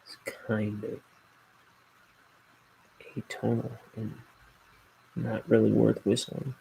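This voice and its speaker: Slow, gravelly man chatting while drawing. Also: fairly low pitch, level tone, mellow, poor audio. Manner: rambling, self-deprecating, trails off into mumbles. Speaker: artist streaming his inking work. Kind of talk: casual chat while drawing.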